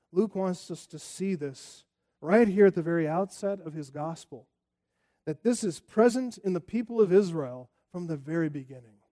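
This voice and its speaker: A man's voice: sits high, dark tone. A man preaching a sermon, emphatic and rising and falling, sometimes acting out the taunts of a crowd. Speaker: pastor.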